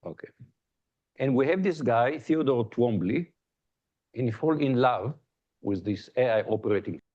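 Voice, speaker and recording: A man's voice: mid-range voice, expressive, moderate pace, a little mellow, muffled recording. A man giving a colloquium talk in a lecture hall, speaking conversationally with jokes, anecdotes and frequent restarts.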